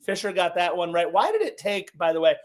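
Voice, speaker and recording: A man co-hosting a casual sports podcast, telling stories in an animated, emphatic way. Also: high-pitched, fairly quick. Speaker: podcast co-host.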